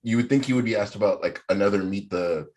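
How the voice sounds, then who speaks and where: A man hosting a podcast in casual chat, animated and swearing freely as he riffs. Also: on the low side, fast. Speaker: podcast host.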